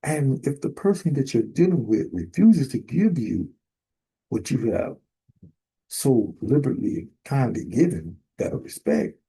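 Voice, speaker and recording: A man ministering in a sermon, emphatic and building to sudden forceful bursts. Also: mid-range voice, slightly rough, poor audio. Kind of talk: preaching sermon.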